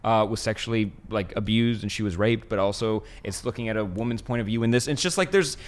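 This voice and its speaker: A man's voice: lowish voice, fast. A man co-hosting a casual pop-culture chat show, talking enthusiastically with lots of fillers and restarts. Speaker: show co-host.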